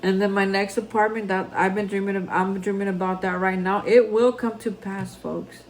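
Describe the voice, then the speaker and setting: A man's voice: sits high, little pitch movement, normal speed, rough recording. Man, daily reflection vlog, rambling, earnest, encouraging, faint background noise. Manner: rambling, repeats and restarts, addresses viewers as folks; earnest and encouraging, drops to a hushed close. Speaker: recovery vlogger. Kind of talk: heartfelt daily reflection talk.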